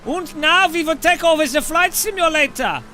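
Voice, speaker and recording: A man voicing a gloating German company boss in a mock German accent, pitched up. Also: animated, moderate pace, bright, forceful tone, slight background noise, exaggerated voice.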